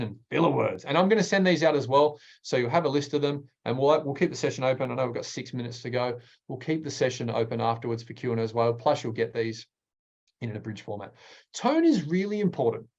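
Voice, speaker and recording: A man, a speaking coach presenting a workshop in an energetic, emphatic way with deliberate pauses. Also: lo-fi sound. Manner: energetic, emphatic, varies pitch widely.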